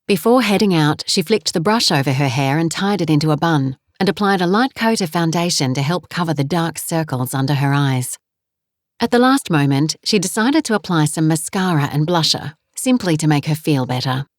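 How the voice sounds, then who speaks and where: A woman narrating a romance novel in a calm, even storytelling manner on a close studio mic. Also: sits low, moderate pace, no room sound. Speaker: audiobook narrator. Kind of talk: scripted narration.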